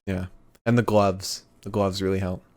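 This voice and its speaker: A man's voice: sits low, fairly even intonation, normal speed, a little mellow. A young man co-hosting a wrestling podcast, chatting casually with jokey, laid-back patter. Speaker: podcast co-host. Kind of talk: casual chat.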